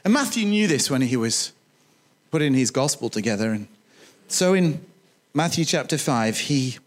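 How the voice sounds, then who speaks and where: A male pastor preaching a sermon in a church, chatty and animated, with humorous asides to the congregation. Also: medium pitch, normal speed.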